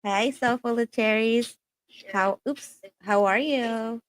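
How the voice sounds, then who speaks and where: A woman's voice: on the high side, takes it slowly, dry recording. A woman hosting a casual spiritual livestream, chatting in a rambling way full of fillers, recorded on a laptop.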